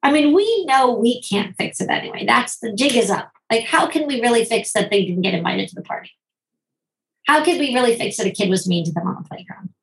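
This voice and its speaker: A middle-aged woman, a physician and parenting author, answering interview questions in rapid bursts that slow for emphasis, often acting out quoted voices with big pitch jumps. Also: lively intonation, creaky, rough recording.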